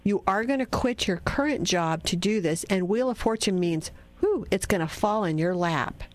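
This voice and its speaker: A woman's voice: medium pitch, lively intonation, moderate pace. A woman giving tarot readings to callers on a radio show, chatty and reassuring. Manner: chatty, reassuring, spiritual advice.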